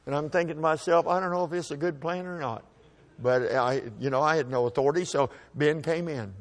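A man telling a personal story to an audience at a microphone, in a folksy, halting way that often repeats words as he restarts. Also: a little high.

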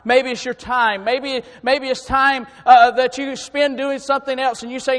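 High-voiced fervent preacher, echoing hall. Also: male voice, little pitch movement, normal speed, hardly any pauses. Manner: rising to fervent shouting peaks. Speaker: preacher and song director. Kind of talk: sermon. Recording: long hall reverb.

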